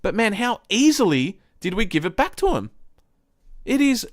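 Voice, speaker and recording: This high-pitched male host swears constantly through a frustrated live-stream footy review, talking at an ordinary pace. His excitable voice jumps even higher when he's riled up, recorded in studio quality without echo.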